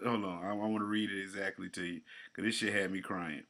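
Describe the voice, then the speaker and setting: Casual podcast guy, aave, bright voice, cussing and joking around. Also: lowish voice, fast. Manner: profane, animated, jokey storytelling. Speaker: podcast co-host. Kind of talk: casual chat.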